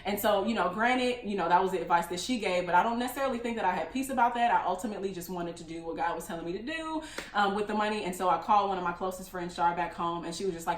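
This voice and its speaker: A woman's voice: mid-range voice, fast, reverberant. A young woman telling a personal story in a casual, chatty way with lots of fillers. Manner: chatty, many fillers, laughs often. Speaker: vlogger.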